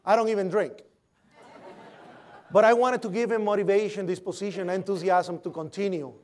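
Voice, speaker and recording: Guy with a pretty high voice, eyewitness telling what happened, acts out the noises. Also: fairly even intonation, moderate pace, a little mellow. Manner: vivid storytelling, imitating sounds and voices. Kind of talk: recounting a personal account.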